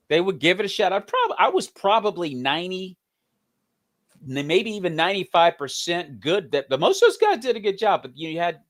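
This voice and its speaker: Male guest, pastor and comic, slightly high voice, laughs a lot telling stories. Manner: laughing, energetic storyteller. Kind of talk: casual interview chat.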